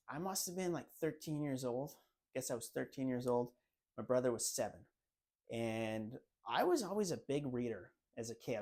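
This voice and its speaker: Guy in his 30s chatting on his podcast, telling a funny christmas story, mid pitch, gets lively acting out his family. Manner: animated storyteller, acts out family members' lines. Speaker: podcast host. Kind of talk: casual storytelling monologue.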